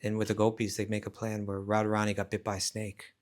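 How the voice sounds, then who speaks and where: At a rural eco village, a spiritual teacher with a lowish voice leads a scripture class, talking at a quick pace over a noisy background. He tells a story casually and animatedly, acting out the characters' voices.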